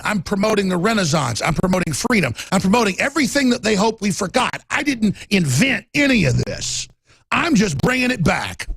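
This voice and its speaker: A man hosting a talk show, delivering a heated, emphatic political monologue and shouting at times. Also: very high-pitched, big pitch swings, a little fast, gravelly, slightly rough, no room sound.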